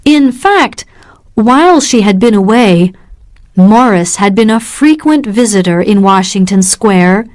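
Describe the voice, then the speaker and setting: Slow, clear woman storyteller. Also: medium pitch, animated, darkish tone. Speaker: storyteller for English learners.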